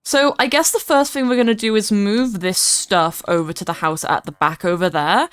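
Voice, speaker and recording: A woman livestreams her gameplay in a casual, rambling chat, stopping often to greet viewers by name. Her voice is smooth and clear, and it sounds close and dry, with no room echo. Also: medium pitch, fairly even intonation, normal speed. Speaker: streamer.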